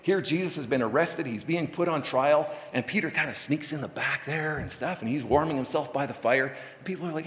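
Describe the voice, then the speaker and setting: A man's voice: fairly high pitch, fairly quick. A man preaching a sermon in a folksy, conversational way, full of fillers and asides. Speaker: pastor. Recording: echoey hall recording.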